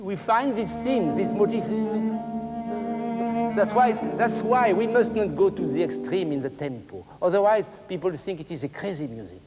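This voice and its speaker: A man's voice: sits high, lively intonation, normal speed. An older man whose first language is French, coaching a masterclass in broken English, singing phrases aloud and mixing in French words. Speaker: cello teacher. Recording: hall with music playing.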